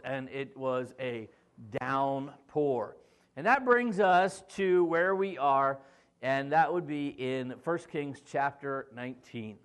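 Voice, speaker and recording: A man's voice: mid-range voice, smooth. A male pastor retelling a scripture story in a casual, joking way, acting out the quoted lines and speaking to the congregation between them. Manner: jokey, acts out quoted voices with asides to the congregation.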